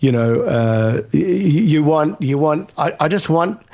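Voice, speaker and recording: A man's voice: a little high, expressive, measured pace, darkish tone. A man, a voice actor being interviewed, talking in a chatty, reflective way. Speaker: voice actor guest. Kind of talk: casual interview chat. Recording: dull lo-fi audio.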